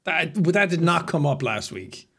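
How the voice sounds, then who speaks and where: A young man with an Irish accent, chatting casually as a podcast co-host. His voice sits a little high and swings widely in pitch. He jokes around, laughs a lot and swears freely. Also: sing-song, measured pace, pushed and bright, husky. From Ireland. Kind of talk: casual chat.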